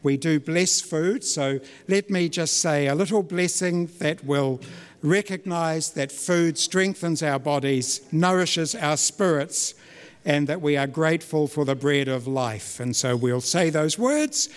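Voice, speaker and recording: A man's voice: on the high side, a little slow, smooth. A man hosting a dinner gathering on a handheld microphone, giving a blessing and calling on the tables. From New Zealand. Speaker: host. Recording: echoey hall.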